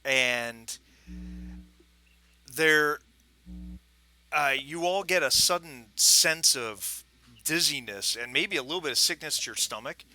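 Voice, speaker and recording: A man's voice: a little high, slow pace, pauses often, sharp tone, no echo. A man narrating a tabletop game as game master, chatty with many fillers and restarts. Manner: chatty, frequent fillers and restarts, laughs often.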